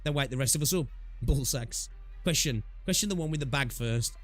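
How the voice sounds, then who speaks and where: A man voicing a gruff male army captain who barks orders, reading game dialogue aloud. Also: medium pitch, brisk, soft background music, close to an everyday voice. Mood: commanding. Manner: barking orders.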